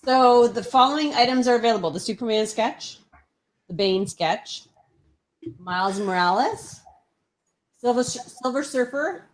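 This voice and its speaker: A woman's voice: a little high, a little slow, pauses often. A Canadian woman co-hosting a livestream, playful and teasing. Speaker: co-host. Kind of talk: casual livestream chat.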